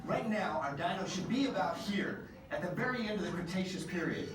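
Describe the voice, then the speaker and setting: An overeager time-travel scientist. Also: male voice, animated. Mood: eager. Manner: fast, breezy, overconfident pitch. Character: reckless, eager male time-travel scientist. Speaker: ride pre-show scientist. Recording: very echoey space from far off, ride noise.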